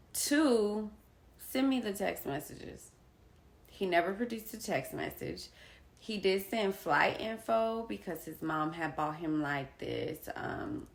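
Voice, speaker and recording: In a roomy-sounding space, a woman with a low-pitched voice speaks candidly to her viewers. She's a vlogger casually retelling a personal co-parenting story to camera, acting out the conversations she quotes.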